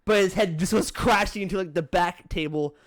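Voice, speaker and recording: A man's voice: sits high, dry recording, clean studio sound. A man co-hosting a casual podcast, animatedly retelling a game's story and acting out the characters' lines. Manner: animated, acts out characters' lines in quick voices. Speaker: podcast co-host.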